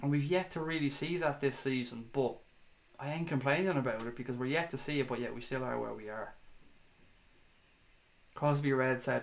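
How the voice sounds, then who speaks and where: Chatty man. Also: medium pitch. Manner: chatty, swears casually, laughs at himself. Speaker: fan show host reading viewer comments. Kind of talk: casual livestream chat.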